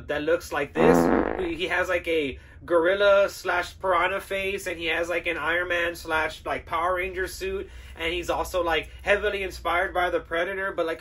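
A man's voice: sits high, bright, forceful tone. A man hosting a podcast, giving a casual, profane and sarcastic film review with frequent laughter. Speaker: podcast host.

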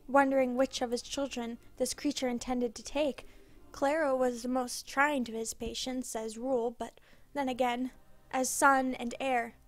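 A woman narrating a scripted story in a measured, dramatic reading. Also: on the high side.

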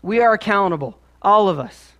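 High-voiced pastor with a Midwestern accent. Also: male voice, animated, normal speed, pushed and bright, lo-fi sound. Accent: Midwestern American. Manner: conversational, storytelling with asides. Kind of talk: sermon.

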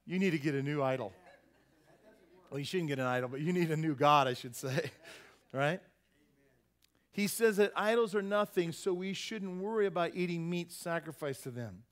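A man's voice: on the high side, lively intonation, moderate pace. A man preaching a sermon at a church service, folksy and joking, constantly quizzing the congregation with questions. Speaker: pastor.

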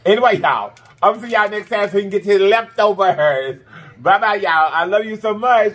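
A man's voice: moderate pace, a bit bright, soft background music. A man hosting an eating show, signing off to his viewers in a casual, effusive and affectionate way, blowing kisses and teasing them. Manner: playful and teasing, swinging up high. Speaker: mukbang host.

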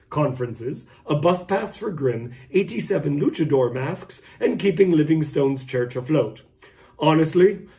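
A man co-anchoring a mock news show, reading absurd headlines deadpan. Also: a little high. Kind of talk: scripted comedy news reading.

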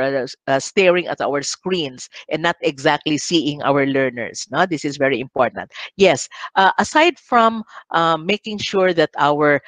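A woman's voice: lowish voice, no room sound. A woman with a Filipino accent giving an earnest recorded lecture as a teacher trainer, often ending her points with a questioning "no?", speaking into a headset mic.

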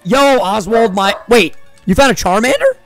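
A young man joking and laughing loudly as he plays a video game and chats with a friend. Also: high voice, normal speed, music in the background. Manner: excitable, jokey, bursts into loud laughs and sing-song. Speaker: co-host playing a video game. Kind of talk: casual gaming commentary.

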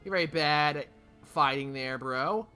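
A man's voice: on the high side, a little slow, sharp tone, clean tone, soft background music. A young man commenting as he plays a video game, talking to the game, swearing and pleading in frustration. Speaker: gaming channel host. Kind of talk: let's play commentary.

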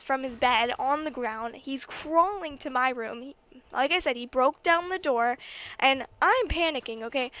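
A young woman vlogger telling a story from her bedroom in casual chat, with lots of fillers and excited emphasis. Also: high voice.

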